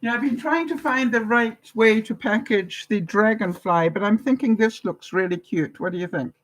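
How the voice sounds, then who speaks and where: A woman's voice: medium pitch, normal speed, dry recording, poor audio. An older woman from Canada chatting casually with viewers, retelling conversations and laughing often. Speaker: vlogger. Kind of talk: casual livestream chat.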